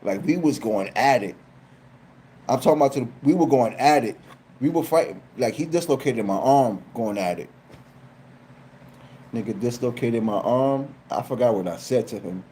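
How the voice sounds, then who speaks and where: Animated New man telling a story. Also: mid-range voice, moderate pace, pauses often, a little hiss or hum. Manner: animated, profane, repeats phrases. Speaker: live streamer. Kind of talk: casual comedic storytelling.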